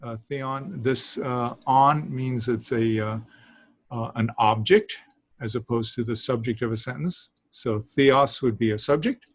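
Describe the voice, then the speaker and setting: A man teaching a beginners' language class, talking haltingly with many fillers and small laughs. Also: medium pitch, dry recording. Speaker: Greek teacher. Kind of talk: classroom lesson.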